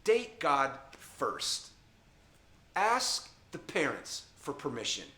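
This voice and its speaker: A man's voice: mid-range voice, wildly swooping pitch, slow, bright, forceful tone, reverberant. Emphatic man giving youth dating advice. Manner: emphatic, repetitive, addresses listeners directly with frequent "okay?". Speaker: youth ministry speaker. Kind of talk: informal teaching talk to a camera.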